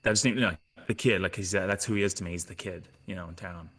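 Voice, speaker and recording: A man's voice: low-pitched, steady tone, fast talker, fairly bright tone, long reverb tail. A man speaking as a player in a tabletop game, laid-back and somewhat hesitant. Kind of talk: casual tabletop play.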